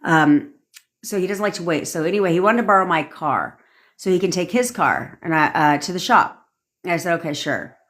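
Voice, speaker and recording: A woman's voice: fairly low pitch, lively intonation, normal speed, fairly bright tone. A woman, a manifestation coach, telling a story in a casual live-stream rant, swearing freely and repeating points for emphasis.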